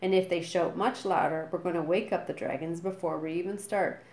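A woman's voice: fairly low pitch, steady tone, fairly quick, darkish tone, lightly acted. A woman voicing a gloomy, timid young Viking boy muttering to himself. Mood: glum. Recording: roomy echo.

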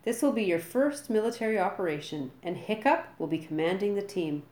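A woman's voice: mid-range voice, expressive, brisk, a little mellow, reverberant, natural voice. A woman voicing a giant one-eyed Viking man who screams his orders at a group of boys. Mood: bellowing.

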